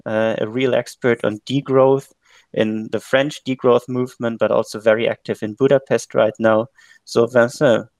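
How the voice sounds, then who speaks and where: A man hosting a podcast interview, introducing the show and asking questions in a measured, formal way. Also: mid-range voice, darkish tone, no echo. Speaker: podcast host, assistant professor.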